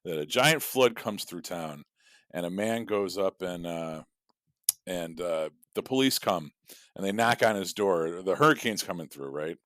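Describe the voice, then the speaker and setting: A man's voice: low voice, expressive, a little slow, a bit bright, no echo, clean studio sound. A man co-hosting a casual podcast, telling a long joke in a rambling way with plenty of fillers and swearing. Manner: rambling storyteller with profanity and many fillers. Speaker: podcast co-host.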